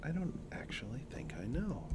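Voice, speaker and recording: A man streaming a card game, joking and thinking out loud as he plays. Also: mid-range voice, sing-song, moderate pace, heavy background noise. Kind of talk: casual card-game livestream commentary.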